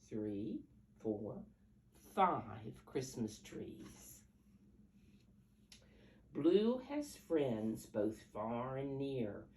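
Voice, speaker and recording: An older woman with a rumbling, low, dark-toned voice reads picture books aloud to small children, coaxing them like a teacher, counting along, and asking questions. The recording has a roomy echo, a distant mic, and a faint hum behind it.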